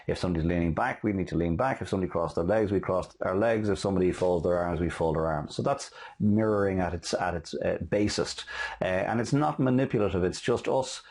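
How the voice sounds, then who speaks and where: Man, low-pitched, fast casual motivational speaker, lots of uh fillers. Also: a little mellow. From Ireland. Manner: quick-talking, frequent uh fillers and restarts. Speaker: host and sales motivational speaker. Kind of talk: casual motivational talk with anecdotes.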